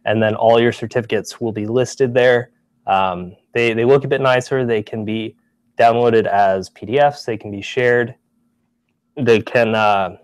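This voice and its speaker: A man on staff giving a casual office-hours update, relaxed, with many ums and restarts. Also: mid-range voice, no echo. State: briefly out of breath. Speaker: staff presenter.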